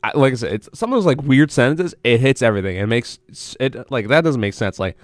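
A man's voice: mid-range voice, expressive, fast, hardly any pauses, no echo. A young man hosting a college radio show, chatting alone in a rambling, self-interrupting way into a studio mic. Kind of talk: casual solo radio chat.

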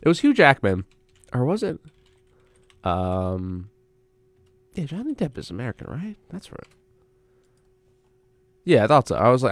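A man's voice: medium pitch, no echo, studio quality. A young man hosting a college radio show, rambling and correcting himself as he thinks aloud in a casual solo chat.

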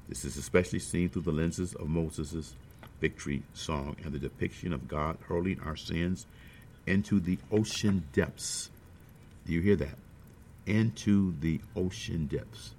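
A man's voice: sits low, moderate pace, gravelly, darkish tone, slight background noise. A man preaching a sermon, emphatic, repeating key phrases and speaking to the congregation.

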